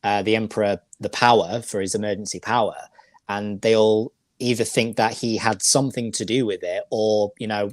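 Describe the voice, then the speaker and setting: A man's voice: lowish voice, fairly even intonation, normal speed, dry recording. A man chatting casually on a video call, sympathetic and rambling with hesitations. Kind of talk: casual chat.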